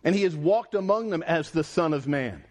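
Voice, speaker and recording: Man, preacher, sermon, emphatic rising and falling delivery, slightly high voice. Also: expressive, normal speed.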